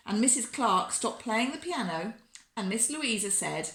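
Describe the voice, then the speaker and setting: A woman reads a children's picture book aloud, slow and unhurried, in an expressive storyteller manner. Her voice is bright and lively. The room gives her voice a clear echo. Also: mid-range voice. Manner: warm, expressive read-aloud.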